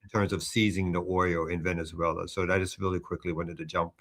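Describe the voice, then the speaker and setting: Low-voiced man giving political commentary. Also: little pitch movement, fairly quick, a bit bright. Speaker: news commentary host.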